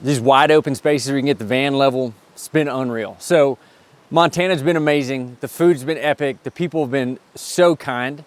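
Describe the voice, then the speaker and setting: Upbeat travel vlogger, thirties, casual outdoor camera talk, average pitch. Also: male voice, moderate pace, clean tone. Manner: upbeat, enthusiastic, jokey. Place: outdoors at a campsite by flowing water.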